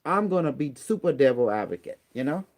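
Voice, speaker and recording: A man's voice: medium pitch, big pitch swings, fairly quick. A man with non-native grammar ranting bluntly and profanely as a channel host. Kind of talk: casual rant on a phone call.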